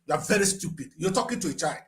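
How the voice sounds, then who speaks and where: An older man with a Nigerian English accent delivers impassioned political commentary. His voice sits high and leaps all over the place, dropping to a low, grave tone before rising into shouts. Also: animated, very fast. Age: 60s.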